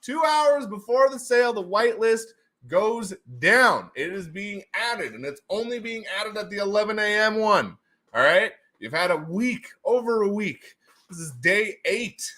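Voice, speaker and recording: Excitable man hosting a livestream, goofy and quick to laugh, bright voice, higher pitch. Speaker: livestream host running giveaways. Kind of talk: casual livestream chat.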